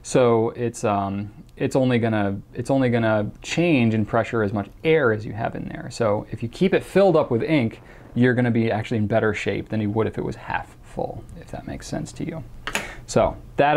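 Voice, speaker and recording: A man's voice: medium pitch, a little fast, a little mellow. A man hosting a casual question-and-answer show, talking chattily with many fillers and restarts. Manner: reads out a viewer's question in a mock accent. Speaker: host answering viewer questions. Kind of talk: casual chat.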